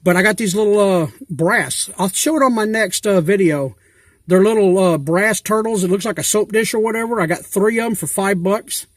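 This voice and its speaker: A man with a fairly high voice chats on and on in a loose, rambling vlog style, full of fillers and homespun grammar. The sound is dry and close, with no room echo. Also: moderate pace. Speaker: YouTuber asking giveaway questions. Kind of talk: casual rambling vlog talk.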